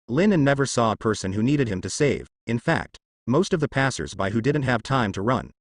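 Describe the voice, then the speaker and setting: Lively male audiobook narrator. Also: medium pitch, dry recording, clean studio sound.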